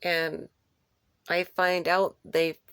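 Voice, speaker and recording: A woman's voice: fairly low pitch, flat delivery, drawn-out words, fairly bright tone, clear, resonant tone, dry recording, clean studio sound. A woman recounting a dream in an unscripted way, rambling and repeating phrases for emphasis. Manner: rambling, with restarts and searching for words. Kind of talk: unscripted personal retelling of a dream.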